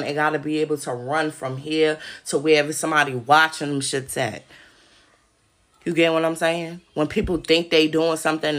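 A woman with a low, gravelly voice rants through a casual podcast monologue. She speaks straight to her listeners, swearing often and sounding worked up. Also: a bit bright. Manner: agitated and profane, addressing listeners directly. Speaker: podcast host.

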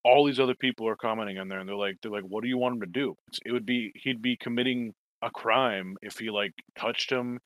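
A man's voice: mid-range voice, steady tone, brisk, few pauses, a bit bright, dry recording. A man telling a long story in casual chat, swearing and rambling, acting out quoted lines. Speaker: toy collector telling a story.

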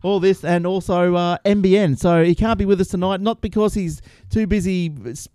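A rambling man hosts a casual tech show, his voice mellow and darkish. The sound is dry and close, with little room to it. He restarts sentences often and laughs along as he goes. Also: high voice, fairly even intonation, moderate pace, smooth, no room sound. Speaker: podcast host.

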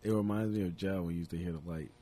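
A young man with a low, husky voice co-hosts a casual podcast. He tells profane jokes and animated stories, breaking into laughter often. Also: racing. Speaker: podcast co-host. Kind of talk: crude casual banter.

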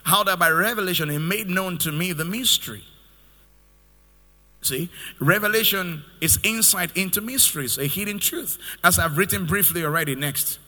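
Male preacher, high bright tone, sermon delivery in a reverberant church hall. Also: moderate pace. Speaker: pastor.

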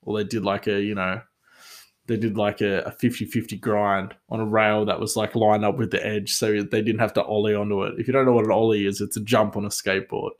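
Man, rambling storyteller, lots of fillers, self-mocking, slightly low voice. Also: level tone, brisk. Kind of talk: casual storytelling monologue.

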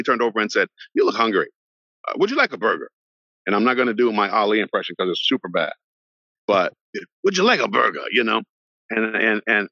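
A middle-aged actor appearing as a podcast guest tells a long story animatedly, acting out the voices of its characters. His voice is on the low side, and the recording is dry and dull lo-fi with no room sound.

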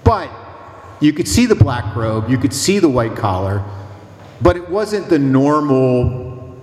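A man's voice: mid-range voice, very animated, takes it slowly, a little mellow. Priest guy telling funny stories in a sermon, roomy echo, mid voice. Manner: storytelling, humorous, emphatic.

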